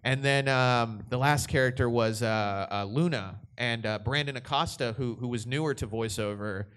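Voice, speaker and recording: A young man speaking at a mid-range pitch, answering an audience question on a convention panel. He talks casually and rambles, circling back and restarting his sentences as he goes. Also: moderate pace, a bit bright, clear, resonant tone. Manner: rambling, with frequent restarts and laughs.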